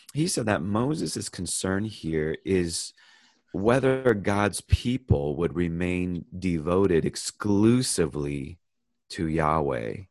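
A Bible study teacher from the United States, his voice sitting low with no room sound, leads a casual online lesson with a shared screen. He prays to open and then explains a verse at an easy pace, full of pauses, fillers and restarts.

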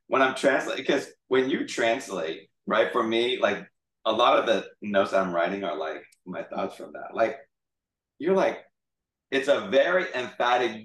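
A man leading a Bible study group in a casual, chatty, joking way. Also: mid-range voice. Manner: chatty, jokey, animated retelling. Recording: echoey room, mic far off.

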